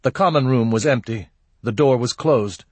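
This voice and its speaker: A man narrating a story in a measured, steady way. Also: medium pitch, breathy edge, no echo. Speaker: audiobook narrator. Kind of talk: scripted narration.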